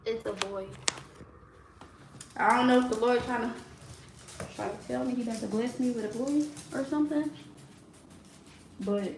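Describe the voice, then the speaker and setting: A young woman, chatting on a live stream from her kitchen at home. She talks in an animated, loose way, with plenty of fillers and quick asides, over a faint hum of room ambience. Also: fairly high pitch, vocal fry. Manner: chatty and animated, lots of "like" fillers, laughs often. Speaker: livestream host. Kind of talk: casual live-stream chat.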